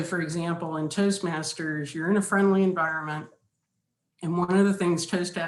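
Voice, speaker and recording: A woman giving a slide presentation, speaking in a measured, instructive way with deliberate pauses. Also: fairly low pitch. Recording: roomy echo.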